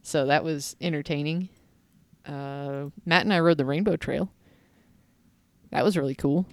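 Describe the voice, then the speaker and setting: A woman's voice: deep voice, unhurried, darkish tone, no room sound. A woman co-hosting a casual podcast who laughs easily and tells rambling stories. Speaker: podcast co-host. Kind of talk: casual chat.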